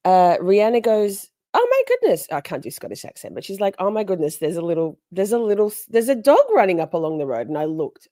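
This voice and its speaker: A woman hosting a livestream, chatting casually and greeting viewers by name between animated stories. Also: low voice, dry recording, clean studio sound. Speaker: livestream host. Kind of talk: casual chat with live viewers.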